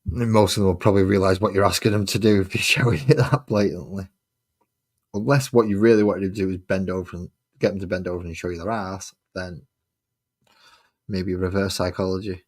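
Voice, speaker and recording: A man's voice: low-pitched, fairly even intonation, a little fast. A man streaming his miniature painting, chatting casually and muttering sarcastic asides to himself as he works. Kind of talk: casual chat while painting.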